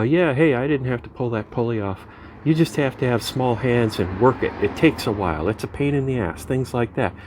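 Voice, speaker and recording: A man's voice: mid-range voice, a little mellow, slight background noise. A man talking casually through a DIY car repair in his garage, rambling and joking wryly as he works. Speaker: home mechanic vlogger.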